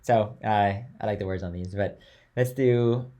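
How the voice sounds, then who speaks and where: A young man teaching a chant class in a relaxed, chatty way, switching between talk and sung note names and phrases. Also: fairly low pitch, a little slow.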